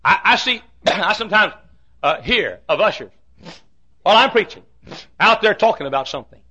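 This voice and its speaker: A man preaching a fiery sermon, swinging from shouts to hushed asides. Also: high-pitched, animated, moderate pace, breathy edge, dull audio. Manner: fiery preaching with sudden shouts and drops to quiet. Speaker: pastor.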